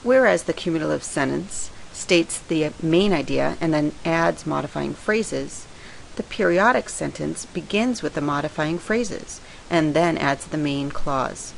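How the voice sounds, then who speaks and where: A woman reading a scripted writing lesson in a measured, explanatory way. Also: sits low, creaky, slight background noise, poor audio. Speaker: writing teacher. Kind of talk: scripted lecture narration.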